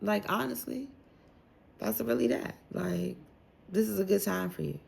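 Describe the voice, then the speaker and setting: A woman with a low, gravelly voice gives a relaxed tarot reading for the zodiac signs. She talks straight to each sign in a chatty, slangy way, packing her sentences with "like." The feel is loose and conversational, not scripted. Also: measured pace. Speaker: tarot reader.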